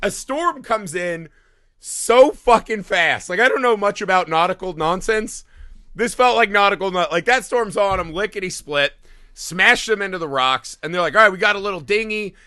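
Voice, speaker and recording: A man talks through a film's plot with plenty of swearing, popping into quick mocking voices for the characters. His voice is bright and swings widely in pitch. The sound is close and dry. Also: clear, resonant tone, no echo. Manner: profane, animated retelling of scenes with quick mock voices. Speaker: podcast co-host. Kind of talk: casual movie-review chat.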